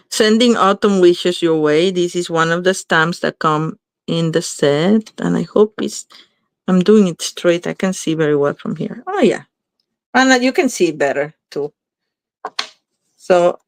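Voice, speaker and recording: A woman's voice: fairly low pitch, dry recording. Chatty woman thinking aloud at her craft table. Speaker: craft video host. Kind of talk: casual crafting demo chat.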